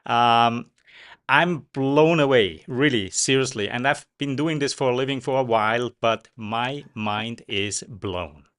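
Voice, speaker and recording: A man's voice: medium pitch, a little slow, fairly bright tone, smooth. A man hosting an interview, wrapping up with effusive thanks to his guest. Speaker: show host.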